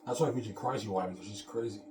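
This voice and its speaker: A man's voice: on the low side, fast talker. Boastful man rambling in an echoey room. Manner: boastful and profane, repeats himself. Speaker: vlogger. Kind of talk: rambling casual monologue. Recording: echoey room with music playing. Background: music.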